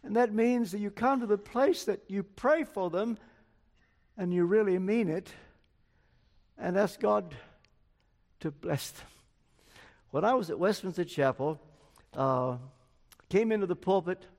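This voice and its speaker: A man's voice: high voice, unhurried, long pauses, a little mellow. Older male preacher in a reverberant hall. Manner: storytelling, acts out quoted dialogue. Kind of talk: sermon.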